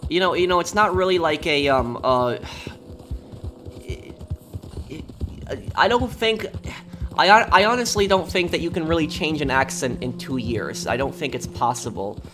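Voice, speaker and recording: A man's voice: a little high, a bit bright, a little hiss or hum. Rambling man. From New York. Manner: rambling, halting, repeats words while thinking. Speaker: game streamer. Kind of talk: casual chat while gaming.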